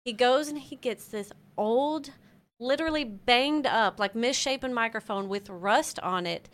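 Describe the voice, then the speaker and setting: A woman's voice: a little high, a little slow. Chatty woman in her thirties. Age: 30s. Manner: animated storytelling with laughter. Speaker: podcast guest, keyboardist. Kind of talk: casual chat.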